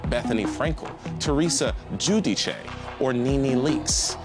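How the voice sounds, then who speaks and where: A man's voice: medium pitch, unhurried, over loud music. A man hosting a live trivia game show, reading questions and cracking goofy jokes between them. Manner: jokey, animated, goofy asides.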